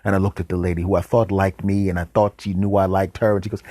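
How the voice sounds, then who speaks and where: Man, podcast host, deadpan comic storytelling, deep voice, dry close mic. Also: no room sound. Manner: deadpan storyteller, dramatic pauses and whispered asides.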